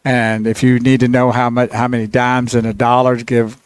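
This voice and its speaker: A man's voice: mid-range voice, level tone, moderate pace, smooth, no room sound. Male radio co-host chiming in. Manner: short interjections and prompting questions. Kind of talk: casual radio banter.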